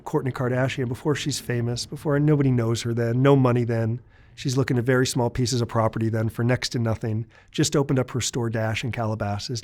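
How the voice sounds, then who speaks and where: A man's voice: mid-range voice, a little mellow. A man in his forties, an interview guest, telling his story in a candid, confessional way, with some stammered restarts. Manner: earnest, confessional, occasional restarts.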